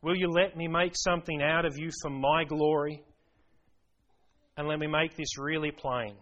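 Male pastor, emphatic sermon delivery, slightly high voice, keeps quizzing the congregation. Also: fairly even intonation, normal speed, a bit bright, dull audio. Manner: earnest, emphatic, rhetorical questions to the congregation. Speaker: preacher.

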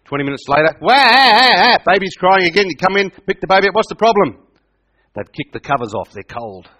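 A man preaching with emphasis, his voice sitting a little high for a man. He repeats his key lines and throws questions at the congregation. He sounds middle-aged. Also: animated, quick pace, fairly bright tone. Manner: emphatic, repeats points, asks the audience questions. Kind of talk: sermon.

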